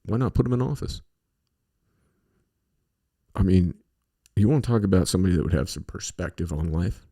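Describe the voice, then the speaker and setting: A deep, mellow, slightly rough voice with vocal fry carries this middle-aged man's podcast monologue at a moderate pace, with lively intonation and long pauses. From the western U.S., he rambles through stories casually, cursing and using many fillers.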